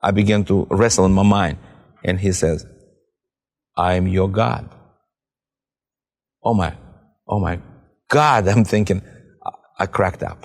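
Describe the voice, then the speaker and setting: Gravelly low man telling his testimony. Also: big-room sound. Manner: halting, repeats words, restarts sentences. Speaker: guest giving testimony. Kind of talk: emotional personal testimony.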